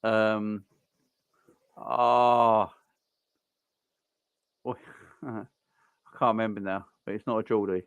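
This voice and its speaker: A man's voice: on the low side, fairly even intonation, takes it slowly, pauses often, smooth, no echo. A man hosting a live football watchalong stream, chatting casually and rambling between reactions to the play and greetings to viewers.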